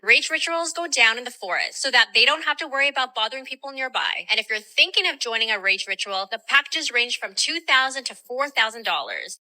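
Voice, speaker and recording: Brief: female short-video narrator, piercingly bright tone, brisk scripted delivery. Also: fairly high pitch, animated, rough recording. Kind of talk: scripted news-style narration.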